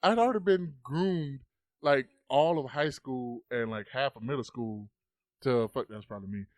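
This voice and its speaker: A man's voice: medium pitch, normal speed, a little mellow, no room sound. A man, a podcast guest, telling a story casually into a close mic. He swears often and acts out the voices.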